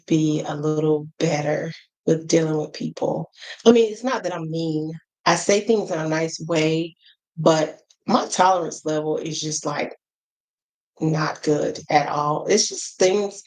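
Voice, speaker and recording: A woman's voice: deep voice, darkish tone, rough recording. A middle-aged American woman with an African American English accent, giving frank, chatty advice straight to the camera with lots of asides and fillers. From United States. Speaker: travel vlogger. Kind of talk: casual advice chat to camera.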